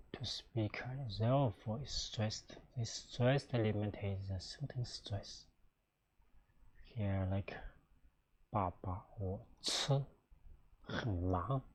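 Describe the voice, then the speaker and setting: A middle-aged man with a Chinese accent, a native Chinese speaker teaching a casual language lesson in halting English with many fillers and restarts. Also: fairly low pitch, a little mellow.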